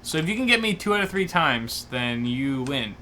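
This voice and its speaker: Bright-voiced man swearing through a game. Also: mid-range voice, very animated, moderate pace. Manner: loose and swearing, gaming banter. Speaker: host. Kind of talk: casual chat, livestream.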